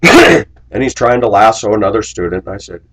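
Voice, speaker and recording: A man's voice: lowish voice, big pitch swings, normal speed, fairly bright tone, slightly rough. A man who drives a school bus, telling stories and preaching in a rambling, aggrieved personal monologue. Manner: preachy, aggrieved, storytelling with asides.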